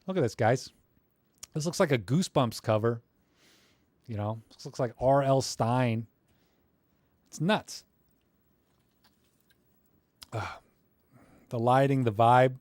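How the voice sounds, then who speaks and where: A man's voice: mid-range voice, slow, long pauses, a little mellow, no room sound. A young man talks loosely through viewers' photos on a live stream, joking and going off on rants. His voice sits mid-range and sounds close and dry, with no room around it. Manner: chatty, joking, ranting asides. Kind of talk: casual live-stream chat.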